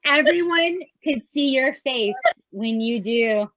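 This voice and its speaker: Slow-talking woman on a dull line. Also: high voice, lively intonation, a bit bright, no room sound. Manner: unhurried, laughs along, enthusiastic reactions. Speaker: podcast co-host. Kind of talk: casual chat.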